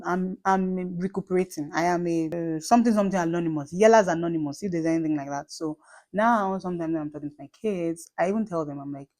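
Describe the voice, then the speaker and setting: Nigerian woman, late 30s, low mellow voice, chatty emphatic vlogger. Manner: chatty and emphatic, with repeats and asides. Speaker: vlogger and mother. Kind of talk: casual talk to camera.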